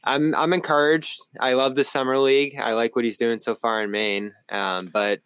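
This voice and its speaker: A man's voice: mid-range voice, flat delivery, moderate pace, a bit bright, clear, resonant tone, dry recording. A man with a Boston accent, a sports reporter telling stories and laughing often in a podcast panel chat.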